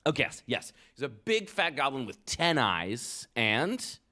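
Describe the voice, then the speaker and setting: A man's voice: mid-range voice, big pitch swings, slow, sharp tone. A man reading a picture book aloud to children at a live event, playful and asking the kids for details.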